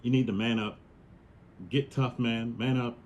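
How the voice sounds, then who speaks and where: A man's voice: medium pitch, flat delivery, measured pace, a little hiss or hum, natural voice. A man voicing a male God as an exasperated coach, blunt and slangy, giving a tough-love pep talk. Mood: bossy.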